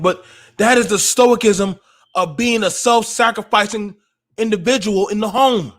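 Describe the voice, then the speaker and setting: A man's voice: sits high, moderate pace. Impassioned man preaching on a livestream. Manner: preachy, emotional, rising to shouts. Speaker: podcast host.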